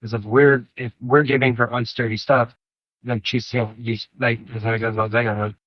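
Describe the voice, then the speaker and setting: A man from the audience asking a halting question, full of fillers, recorded off-mic on dull sound. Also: mid-range voice, level tone, no echo. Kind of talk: hesitant question.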